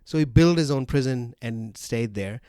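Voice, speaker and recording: A man hosts a casual podcast, rambling through stories with plenty of fillers and quick laughs. His voice sits in a middle pitch and is recorded dry and close. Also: mellow, dry recording. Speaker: podcast host.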